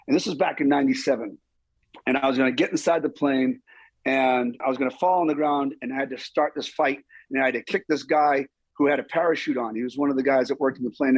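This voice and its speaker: Husky man telling stunt stories. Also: medium pitch, no echo. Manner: animated, acts out quoted lines. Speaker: stuntman guest. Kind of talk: storytelling interview.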